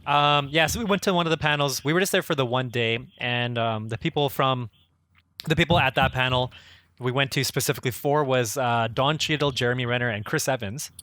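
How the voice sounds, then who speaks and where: Casting note: Canadian male co-host, easy chat, bright tone, dry close sound. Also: mid-range voice, brisk, no echo. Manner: relaxed, rising ends of sentences. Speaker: podcast co-host. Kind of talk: casual chat.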